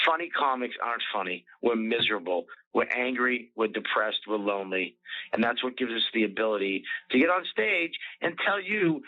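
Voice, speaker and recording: A man's voice: mid-range voice, lively intonation, moderate pace. A male comedian hosting a casual podcast chat, ranting angrily and swearing constantly. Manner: profane angry ranting. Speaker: comedian host. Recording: tinny lo-fi phone-like audio.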